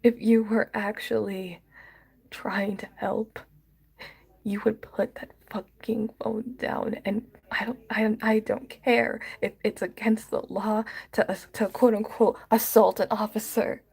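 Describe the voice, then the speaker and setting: A woman's voice: medium pitch, little pitch movement, slow pace, vocal fry, darkish tone, slightly rough. A woman crying as she vents in a vlog, sighing and dropping into whispers. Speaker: vlogger. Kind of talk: emotional vlog rant.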